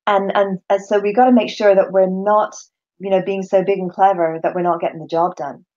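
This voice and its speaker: A woman course leader chatting casually and animatedly, often restarting her sentences and slipping into other people's voices. Her tone is mellow and warm. The audio is a little muffled and lo-fi. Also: mid-range voice, brisk. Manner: animated, acts out quoted voices, frequent restarts. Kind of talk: casual conversation.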